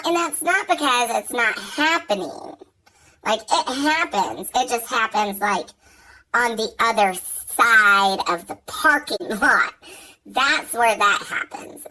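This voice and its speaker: Bright-voiced woman telling a storytime. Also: mid-range voice, poor audio. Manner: chatty, profane, full of fillers and asides. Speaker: vlogger. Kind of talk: casual storytime vlog.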